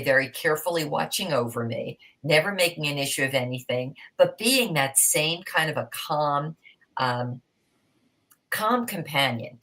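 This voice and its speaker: A woman's voice: low-pitched, fairly bright tone, low-quality recording. A middle-aged woman telling a heartfelt personal story as a podcast panel guest, growing emotional and sometimes dropping to a whisper.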